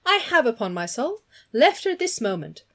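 A woman reading aloud voices a brash, boastful young man who talks in excited, high-pitched bursts. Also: moderate pace, full character voice.

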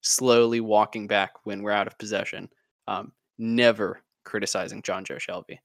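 A man's voice: on the low side, level tone, normal speed, no room sound. A man co-hosting a casual football podcast, talking in a wry, sarcastic and blunt way. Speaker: podcast co-host.

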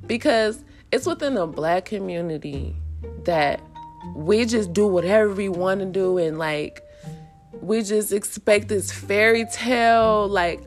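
A woman speaking casually to her viewers about her own life, emphatic and preachy, with repeated phrases, informal grammar and bursts of laughter. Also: lowish voice. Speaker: vlogger sharing her personal story. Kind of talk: casual monologue to camera.

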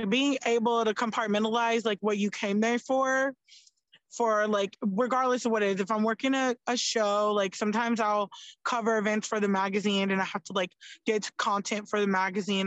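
A woman's voice: mid-range voice, no room sound, dull audio. A young woman, a podcast guest, chatting casually and animatedly, with lots of "like" and free swearing. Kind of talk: casual chat.

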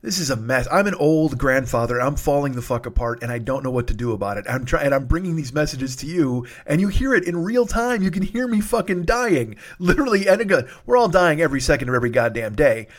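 A man's voice: a little high, animated, fast, few pauses. A man hosting a solo comedy podcast, tired and sniffly, rambling and swearing with self-mocking humor.

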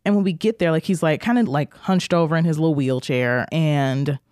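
A man's voice: fairly high pitch, brisk, clean tone, no echo, studio quality. Chatty man spinning a long story. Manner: animated storyteller, heavy filler "like". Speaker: podcast co-host. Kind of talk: casual chat.

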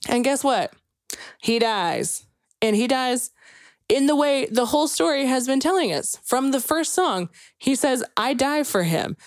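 A woman's voice: high voice, animated, a little slow, no room sound, studio quality. Chatty young woman gushing in casual talk. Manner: chatty, filler-heavy storytelling full of "like" and "you know"; gushing and emotional when recounting sad moments. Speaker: podcast co-host. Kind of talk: casual chat.

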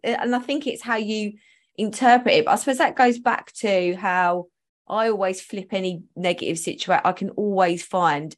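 A woman's voice: mid-range voice, moderate pace. Woman, podcast host, casual chat, laughs often, trails off. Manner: chatty, laughs often, trails off mid-sentence.

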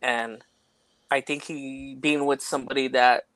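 A man's voice: mid-range voice, fairly even intonation, a little slow, fairly bright tone, no echo. A man co-hosting a podcast, chatting casually in a rambling way, full of "like" and "you know". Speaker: podcast co-host. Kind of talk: casual chat.

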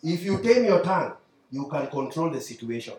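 A man's voice: fairly high pitch, very animated, a little fast, darkish tone. A Kenyan man preaching a sermon, mixing English and Swahili and leading call-and-response. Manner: mixes English and Swahili, call-and-response, acts out his mentor's lines. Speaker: pastor. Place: church hall. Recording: echoey hall.

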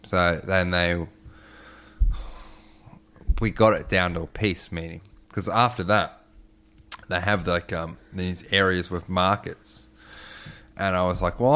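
Man, very low voice, swearing, laughing, animated storyteller. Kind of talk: casual chat.

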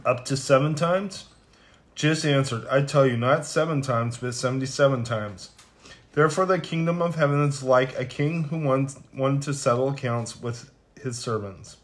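A man reading scripture passages aloud in plain, unhurried reading with small stumbles, then closing in prayer. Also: medium pitch. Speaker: scripture reader.

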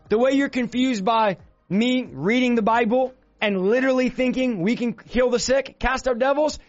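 Fired up preacher guy yelling his sermon, really high voice, kinda muffled audio. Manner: fervent, often shouting. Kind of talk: fiery sermon. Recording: dull lo-fi sound with faint music.

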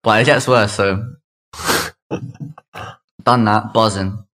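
A man in his twenties with a London accent, a podcast guest telling a story in fast, slangy chatter full of "like" and "mate". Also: lowish voice, steady tone, fairly bright tone. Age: 20s. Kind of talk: casual storytelling.

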